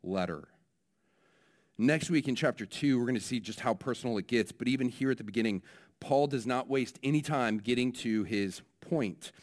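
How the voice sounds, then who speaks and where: A male pastor delivers a children's message followed by a sermon, speaking with liveliness and repeatedly posing questions to his listeners. His voice is mid-range and his pace moderate.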